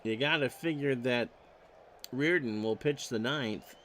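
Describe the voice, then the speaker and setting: A man's voice: mid-range voice, a little slow, fairly bright tone, a little hiss or hum. A man calling baseball play-by-play, reading off stats with wry joking asides. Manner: stat-heavy calls with wry joking asides. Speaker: play-by-play announcer.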